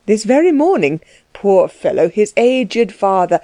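A woman's voice: mid-range voice, very animated, measured pace, mellow, no echo, studio quality. A woman voicing a fussy, kindly housewife who chatters in a fretful, pitying way in a storybook reading. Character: fussy, kindly innkeeper's wife, anxious and gushing.

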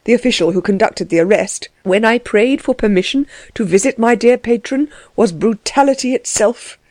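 A woman's voice: fairly high pitch, normal speed, a little mellow, dry recording, lightly acted. Woman reader plays a fretful old manservant in an audiobook, tearful, wordy, pleading, dry close sound. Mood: distraught.

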